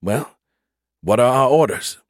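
A man's voice: medium pitch, expressive, unhurried, no echo, studio quality, lightly acted. A man playing a senior colonel giving terse, matter-of-fact orders aboard a ship. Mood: terse command. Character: gruff male senior colonel commanding a ship.

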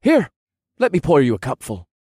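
A man's voice: medium pitch, big pitch swings, normal speed, a little mellow, no echo, studio quality, voice pushed up. A man voicing a cheerful, helpful young lieutenant in an audiobook. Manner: chipper, helpful.

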